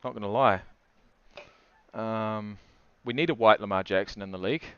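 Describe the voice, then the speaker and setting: A young man giving casual live commentary on a football game from his laptop, excitable and swearing at the plays. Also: lowish voice, normal speed, clear, resonant tone, no echo, highs cut off. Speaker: livestream commentator.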